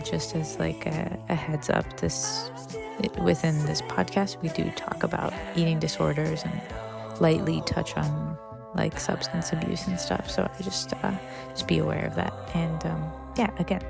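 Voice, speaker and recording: A woman director talks slowly and warmly through a makeshift podcast intro, rambling with fillers. Her voice sits low and flat, with a heavy gravelly fry. Music plays clearly behind her. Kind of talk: casual spoken introduction.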